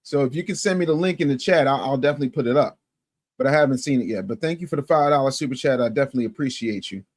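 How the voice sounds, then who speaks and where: Animated male livestream host. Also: racing. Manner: animated, swings from loud to low and muttered; emphatic, repeats phrases for effect. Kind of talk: casual livestream commentary, reading chat.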